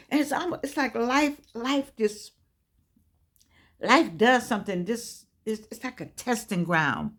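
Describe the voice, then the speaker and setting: A woman in her eighties, a motivational speaker, gives an inspirational talk in an earnest, preacher-like cadence. Her mid-range voice is expressive and a little bright, with a measured pace. She repeats words a lot and keeps stammering into restarts.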